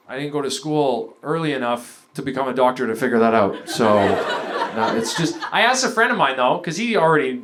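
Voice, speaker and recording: A man's voice: mid-range voice, noisy background. A man from Canada performing a stand-up comedy set, rambling and self-deprecating, bursting into voices for the people in his stories. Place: comedy venue before a live audience. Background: audience laughter.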